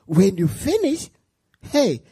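Gentle fatherly God, as a woman lowers her voice. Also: takes it slowly, breathy edge, full character voice. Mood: calm reassuring. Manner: calm, reassuring, giving simple instructions.

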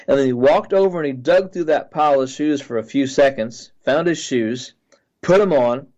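A man, a pastor, earnestly recounting a dream in a halting way with many restarts. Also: medium pitch, a little mellow, lo-fi sound.

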